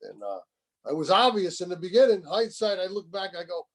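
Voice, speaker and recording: A man in his sixties shares his recovery story over a video call, candid and rambling, and he swears now and then. His voice is gravelly with fry and sits a little high for a man. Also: very animated, a little fast. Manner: rambling, candid, swearing, repeats "you know what I mean". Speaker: main speaker at a recovery meeting.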